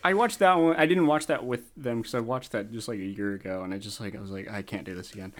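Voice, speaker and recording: A young woman chatting casually, animated and profane, often trailing off low before bursting up high. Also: fast talker. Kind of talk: casual chat.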